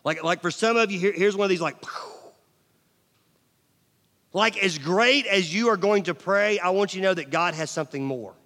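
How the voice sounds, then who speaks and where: A middle-aged male pastor preaching a sermon, swinging from loud emphasis to near-whispers and asking the audience questions. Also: high-pitched, brisk, hardly any pauses. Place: large church hall. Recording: long church hall reverb.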